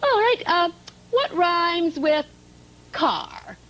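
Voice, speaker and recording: A woman speaking gently and thoughtfully in a children's record dialogue. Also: extremely high pitch, animated, very slow, slight background noise, exaggerated voice. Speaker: story companion.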